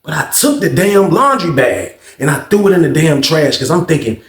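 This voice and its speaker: A man telling a profane prison story in a casual, animated way, acting out the other people's voices. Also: a little high, moderate pace, few pauses. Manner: animated, acts out others' voices, heavy cursing. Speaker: storyteller vlogger. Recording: echoey room.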